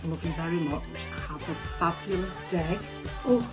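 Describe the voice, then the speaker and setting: A woman's voice: on the low side, normal speed, music in the background. A woman giving a playful, clowning birthday message full of exclamations.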